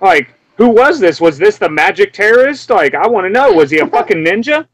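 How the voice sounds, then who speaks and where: A young man from Memphis ranting in a casual, profane way, breaking into high mocking yelps as he acts out what he heard. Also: lively intonation, fairly quick, no echo, low-quality recording. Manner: heated, profane, mimics screams in sudden high yelps.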